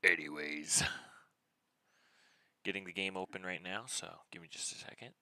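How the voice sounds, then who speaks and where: A man's voice: low voice, fairly even intonation, quick pace, bright, forceful tone, clean tone, no echo, poor audio. A man chatting casually on a live game stream, greeting viewers by name in an easygoing way.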